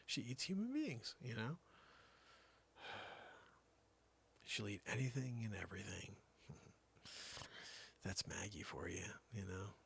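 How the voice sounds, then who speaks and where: Animated gravelly comic storyteller man. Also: fairly low pitch. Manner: animated storytelling, swinging between shouts and mutters. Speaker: comedy show host. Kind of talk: rambling comic monologue.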